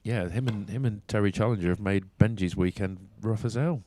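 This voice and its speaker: A man's voice: on the low side, brisk, mellow. A man giving casual, jokey co-commentary on a pool match, bantering and laughing often.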